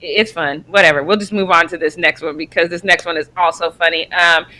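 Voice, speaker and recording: A young woman from Colorado co-hosting a casual sports chat show, animated and quick to laugh, sometimes stumbling over names. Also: on the low side. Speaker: co-host.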